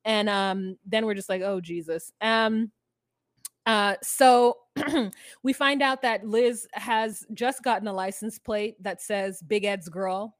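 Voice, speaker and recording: A woman co-hosting a podcast, recapping a reality show in casual chat, sarcastic and quick, acting out quotes from the show. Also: medium pitch, fairly even intonation, no room sound. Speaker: podcast co-host.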